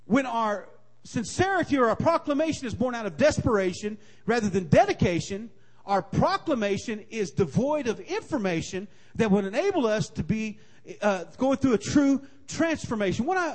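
A man preaching a sermon, repeating his key lines and building to forceful emphasis. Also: extremely high pitch, sing-song, normal speed.

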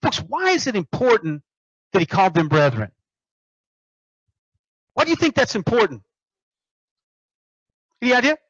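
A man's voice: high-pitched, sing-song, normal speed, long pauses, fairly bright tone, dry recording. A man preaching a sermon, emphatic, repeating phrases and asking the congregation questions. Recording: muffled dry recording.

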